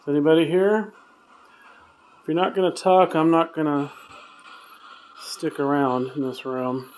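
A man on a solo ghost-hunting vlog in a dark hotel room at night, talking in a hushed voice and calling out to spirits. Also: fairly high pitch, unhurried, a little hiss or hum. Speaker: paranormal investigator.

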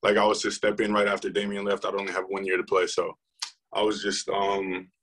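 Relaxed young man telling stories. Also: fairly low pitch, brisk, rough recording. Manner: relaxed, rambling, lots of fillers and restarts. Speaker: football player guest. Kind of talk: casual interview storytelling.

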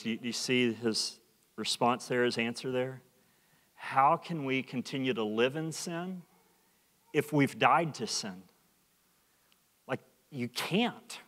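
A man's voice: on the high side, fairly bright tone, big-room sound. A male pastor preaching a sermon earnestly, often repeating and restarting phrases for emphasis. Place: church sanctuary.

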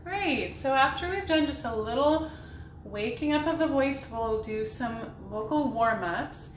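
A young woman voice teacher leading a vocal warm-up, talking gently and slowly between sung demonstrations. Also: sits high, expressive, noisy background. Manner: slow, gentle guiding talk with sung demonstrations. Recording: roomy sound with piano behind.

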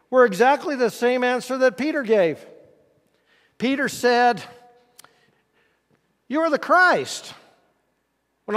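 In a church sanctuary, a male pastor preaches a conversational, folksy sermon and asks the congregation questions. He has a very high voice with a fairly bright tone, and the hall around him is highly reverberant.

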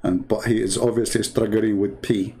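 Sarcastic gravelly man, Arabic accent. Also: fairly low pitch, flat delivery, moderate pace, warm tone, slight background noise. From Middle East. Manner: sarcastic, mocking storyteller; broken English grammar. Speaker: religious debate commentator. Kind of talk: casual ranting monologue.

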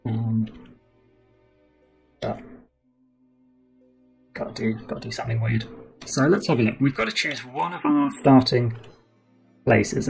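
British guy walking through a board game on stream, bit of gravel in his voice, soft music behind. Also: medium pitch, low-quality recording. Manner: explains rules step by step, thinking aloud. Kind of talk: casual board game playthrough.

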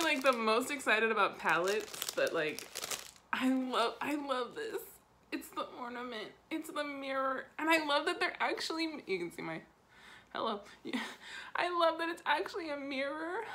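A young woman chatting excitedly at home as she unboxes makeup, gasping and giggling as she goes. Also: a little high, moderate pace. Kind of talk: excited casual unboxing chat. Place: home room.

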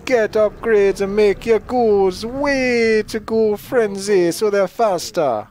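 A man reading aloud in a put-on mock accent, slow and high in a sing-song way. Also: a little mellow. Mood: mock-serious.

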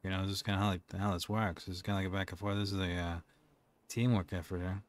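Calm, coaxing man in role-play. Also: deep voice, quick pace. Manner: calm, coaxing, dryly joking. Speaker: roleplay police officer. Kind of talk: in-character game role-play.

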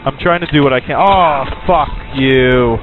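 A young man yelling and swearing in exasperation while commenting on his own gameplay. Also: mid-range voice, moderate pace. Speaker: gamer. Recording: tinny narrow-band capture over game music. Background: game music.

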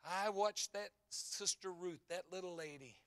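High, bright-voiced fervent preacher man. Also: unhurried, a little hiss or hum. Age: 50s. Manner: swings from hushed storytelling to fervent shouting. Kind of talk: sermon.

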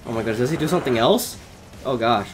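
A man giving live gameplay commentary from his bedroom, excitable and quick to shout and laugh. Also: medium pitch, a little hiss or hum. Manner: excitable, loud exclamations and laughs. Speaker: gaming YouTuber.

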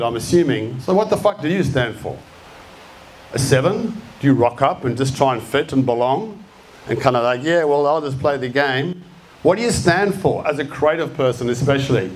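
An Australian man in his late fifties delivers a live talk at a middle pitch, blunt and forceful, peppering every point with swearing. He talks to the crowd in short punchy bursts. A faint hum of ambience sits behind him. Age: 50s. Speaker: speaker. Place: event venue with an audience.

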